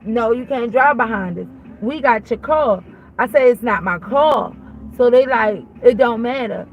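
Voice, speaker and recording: A woman hosting a vlog speaks a little slowly in a high-leaning voice over dull audio. Blunt and casual, she swears while retelling a story and animatedly plays both speakers in the conversation.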